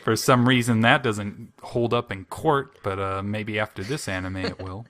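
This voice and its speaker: Man, podcast host, lively jokey recap, bright tone. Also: fairly low pitch, normal speed. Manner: animated storyteller, jokey, lots of fillers. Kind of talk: casual chat recapping an anime.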